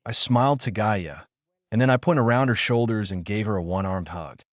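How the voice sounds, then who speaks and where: A man reading a first-person fanfiction story aloud in a flat, even narrating voice. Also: fairly low pitch, moderate pace, no echo, studio quality.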